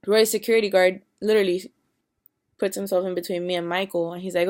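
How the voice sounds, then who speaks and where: This vlogger is a woman in her early twenties spinning a meandering storytime, full of swearing and impressions of what each person said. She speaks a bit quickly in a steady, mid-range, slightly mellow voice.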